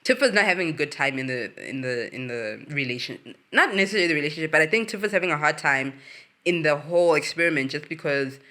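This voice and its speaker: A woman hosting her own show, giving a casual, animated recap of a reality series, swearing freely and ranting with big swings in her voice. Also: deep voice, quick pace. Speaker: host.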